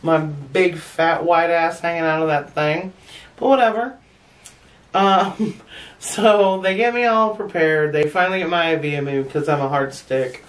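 A woman's voice: low voice, steady tone, a little slow, distant mic. A woman vlogger spins a story to her viewers, laughing often and swearing without a filter. Her voice sits a little back from the mic. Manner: chatty and frank, laughing often, with blunt swearing. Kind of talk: casual storytelling to camera.

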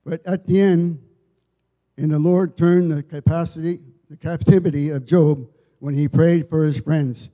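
A man giving an informal church sermon, telling stories in a halting way, often repeating and restarting his words. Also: on the high side, fairly even intonation, mellow. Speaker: lay preacher. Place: church service.

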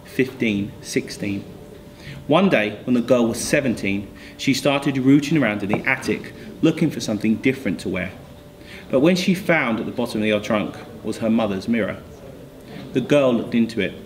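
Male storyteller, mid-pitched, gentle read-aloud delivery, faint background hiss. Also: moderate pace, rough recording. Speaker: school staff reader.

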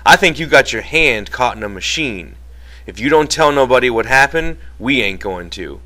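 A man reading an audiobook and voicing a calm, authoritative veteran ranch hand who speaks steadily and firmly. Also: medium pitch, normal speed. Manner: steady, commanding.

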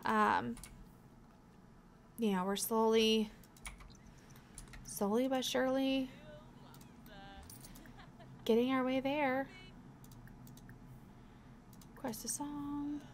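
A young woman hosts a casual gameplay let's play, chatting and thinking aloud as she clicks through. Her voice sits a little high, and she cheers her characters on warmly. A faint background ambience hums under her. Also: steady tone, drawn-out words, long pauses, a little hiss or hum.

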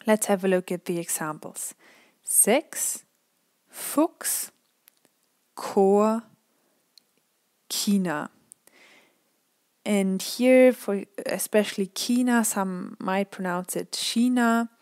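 A woman teaching pronunciation, saying example words slowly and carefully and repeating them for the learner. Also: mid-range voice, darkish tone, no echo, studio quality. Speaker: language teacher. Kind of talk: pronunciation lesson.

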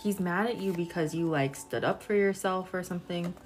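Over music, a young woman in her twenties talks briskly in a fairly low voice. She's a tarot reader doing an easygoing live-stream reading, chatty with viewers and full of filler words.

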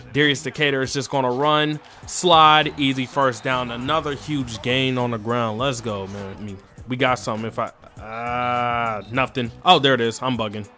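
A man with a bright, forceful voice runs casual commentary over his own football video game, one moment mumbling to himself and the next shouting at the screen. A faint bed of music plays underneath him. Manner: talks to himself, swings from low muttering to excited yelling. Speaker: gaming channel host.

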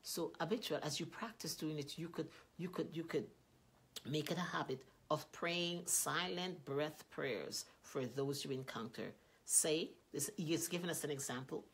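Woman preacher, low husky voice, earnest and repetitive delivery. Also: moderate pace. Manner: earnest, repetitive, rising loud when quoting prayers. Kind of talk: sermon.

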